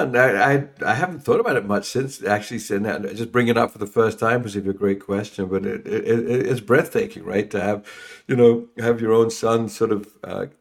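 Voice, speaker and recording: Gravelly London man, rambling. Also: fairly low pitch. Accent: London English. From England. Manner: warm, rambling, many restarts. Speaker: podcast guest, new home sales trainer. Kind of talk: casual interview chat.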